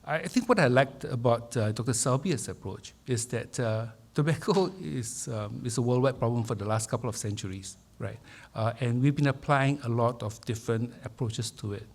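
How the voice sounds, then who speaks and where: A man, hosting a public talk and introducing the speaker in measured, hesitant remarks with many fillers. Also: medium pitch, creaky. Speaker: event host introducing speaker. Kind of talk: formal opening remarks.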